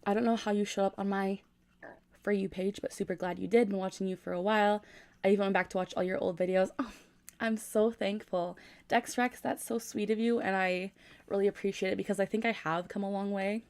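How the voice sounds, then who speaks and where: Gravelly-voiced young woman livestreaming. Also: medium pitch, fairly even intonation, fairly quick, darkish tone. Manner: keeping her voice down at night. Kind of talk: casual livestream chat, reading comments. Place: her room at home at night. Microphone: gaming USB microphone.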